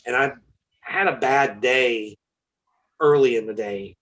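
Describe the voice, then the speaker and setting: A man's voice: mid-range voice, slow pace, a bit bright, rough recording. Candid man telling a story. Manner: candid, swears freely, loose storytelling. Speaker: guest musician. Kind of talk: casual storytelling.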